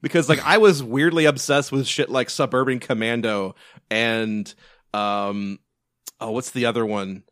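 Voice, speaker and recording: A man's voice: mid-range voice, fairly even intonation, unhurried, a bit bright, no echo, studio quality. A man, co-hosting a casual movie podcast, rambling with frequent restarts and fillers and the odd swear. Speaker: podcast co-host. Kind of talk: casual movie review chat.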